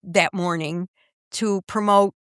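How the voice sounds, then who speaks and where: An older woman, an author and comedian, telling stories as a podcast guest in an animated, comic way and acting out the voices. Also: lowish voice, takes it slowly, clear, resonant tone, dry recording, clean studio sound. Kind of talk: storytelling in a podcast interview. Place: podcast studio.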